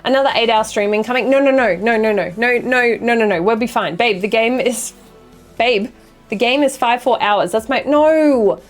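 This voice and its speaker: Young woman streamer, chatty and swears a lot, voice sits fairly high, soft music underneath. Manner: chatty, swears freely, quick apologies. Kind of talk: casual chat reading viewer messages.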